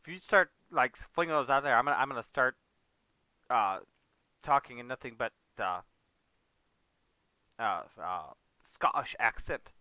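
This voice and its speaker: A man's voice: mid-range voice, expressive, measured pace, long pauses, sharp tone, no room sound. A man hosting a livestream, chatting casually as he plays a farming game and grumbling now and then. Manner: chatty, talks to chat and co-players, mild exasperated outbursts. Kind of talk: casual gameplay commentary.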